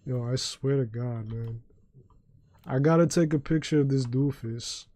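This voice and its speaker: A man's voice: mid-range voice, unhurried, dark tone, no room sound. A man from New York City with a New York accent, chatting casually on a game livestream and telling rambling, profane stories full of restarts. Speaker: streamer.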